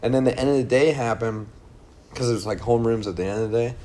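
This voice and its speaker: A man's voice: medium pitch, fast, dark tone, slight background noise. A young man casually telling a long, rambling story to friends on a podcast, acting out quotes and swearing freely. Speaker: podcast co-host.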